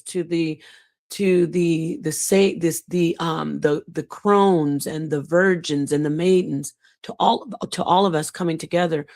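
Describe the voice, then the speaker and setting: A woman with a somewhat low voice hosts a casual livestream. She talks in an emphatic, scolding way. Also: darkish tone, dry recording. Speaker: livestream host.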